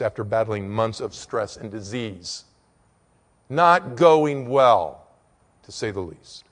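A man preaching a sermon in church, swinging from loud, emphatic peaks to quiet, low storytelling. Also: big-room sound.

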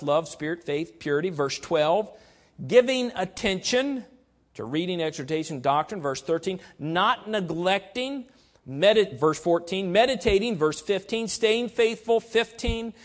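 A man preaching a sermon, emphatic and deliberate, slowing down to stress key words. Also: high voice.

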